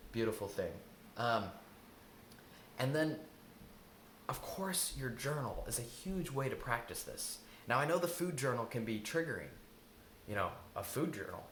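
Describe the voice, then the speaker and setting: A man's voice: medium pitch, a bit bright, slight background noise. Earnest man coaching in an echoey room. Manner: earnest, repeats key lines for emphasis. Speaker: intuitive eating coach. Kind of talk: self-help talk.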